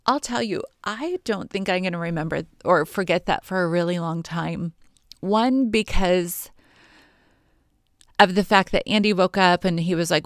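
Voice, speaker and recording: A woman with a somewhat low voice tells a personal testimony of faith. She speaks earnestly and reflectively, pausing often and reaching for words. The recording is dry, with no room sound. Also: no echo. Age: adult, married. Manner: earnest, reflective, with pauses and fillers. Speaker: Christian speaker sharing a testimony.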